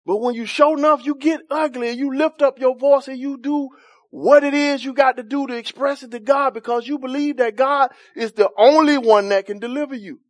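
A male preacher delivers a lively sermon, firing questions at his congregation and joking in folksy church vernacular. His voice sits high for a man. The sound is close and dry. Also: fairly quick, no echo. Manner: call-and-response with congregation, laughing, questioning.

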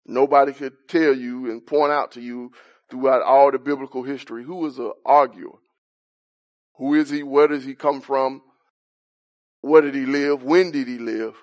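A man's voice: medium pitch, steady tone, normal speed. A man preaching a Bible-teaching sermon, explaining a passage and asking questions as he rises in intensity on key points.

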